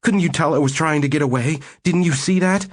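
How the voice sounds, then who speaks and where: A man's voice: fairly high pitch, a little fast, pitched above the performer's own voice, close to an everyday voice. A man voicing a panicked husband who pleads in a plaintive, whining tone. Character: whiny panicked middle-aged husband.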